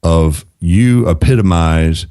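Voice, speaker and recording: A man's voice: low voice, takes it slowly, warm tone, smooth, no room sound, clean studio sound. A middle-aged man who is a guest on a podcast, giving earnest advice in casual conversation and repeating phrases for emphasis.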